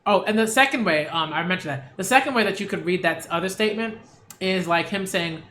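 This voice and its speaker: A man's voice: high voice, brisk, pushed and bright, reverberant, a little hiss or hum. A man reviewing manga in a casual read-along, rambling with many fillers and restarts.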